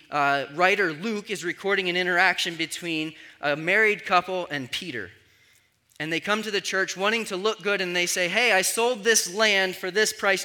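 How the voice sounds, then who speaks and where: A male pastor delivering a sermon in a high, very bright and forceful voice. He teaches conversationally, often pausing to ask "right?" to keep the congregation with him. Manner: conversational teaching with frequent "right?" check-ins.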